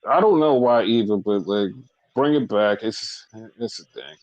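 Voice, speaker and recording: A man's voice: fairly low pitch, animated, unhurried, darkish tone, highs cut off. Male podcast host, casual, blunt and swearing, rambles on. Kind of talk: casual wrestling recap chat.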